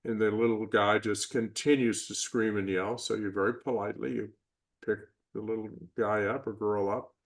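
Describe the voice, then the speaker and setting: An older man speaking as a podcast interview guest, reflective and measured, sometimes acting out the voices he describes. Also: lowish voice, fairly even intonation. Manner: reflective, measured, acts out inner and parental voices. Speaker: guest, performance psychologist. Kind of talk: conversational interview.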